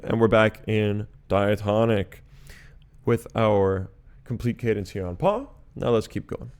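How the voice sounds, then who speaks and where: Chant teacher, male, calm methodical explainer, smooth resonant tone. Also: fairly low pitch, measured pace, lo-fi sound. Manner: patient, methodical explanation, breaking into sung syllables. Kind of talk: chant lesson, explaining and singing note names.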